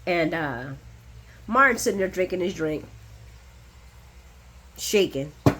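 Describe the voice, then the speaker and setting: A woman giving a casual, animated recap of a soap opera, chatty and blunt, laughing often and swearing freely. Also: lowish voice, takes it slowly.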